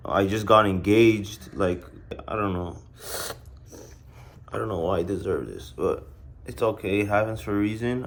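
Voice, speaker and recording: Low-voiced, blunt young man. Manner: blunt, profane, subdued. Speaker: vlogger. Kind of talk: emotional storytime vlog.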